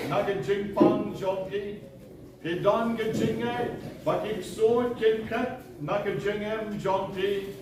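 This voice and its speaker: High-voiced priest preaching slowly. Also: male voice, fairly even intonation. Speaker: priest preaching at a novena Mass. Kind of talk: sermon. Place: large church hall. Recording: echoey church sound from a distant mic, noisy.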